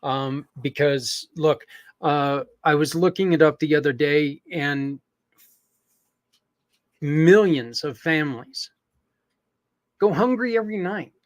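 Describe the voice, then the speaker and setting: A man's voice: on the high side, takes it slowly, long pauses, no room sound, dull audio. A man hosting a podcast, making an earnest, rambling appeal to listeners, with many fillers and restarts. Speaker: podcast host.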